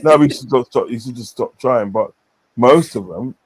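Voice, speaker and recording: A man's voice: mid-range voice, normal speed, husky. A man chatting casually on a stream, rambling with many fillers and repeated phrases. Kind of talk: casual chat.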